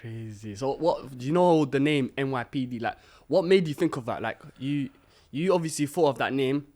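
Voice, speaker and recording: A man's voice: mid-range voice, moderate pace, a little mellow. A man hosting a podcast, interviewing a guest enthusiastically and peppering his speech with "you know" and "man". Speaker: podcast host.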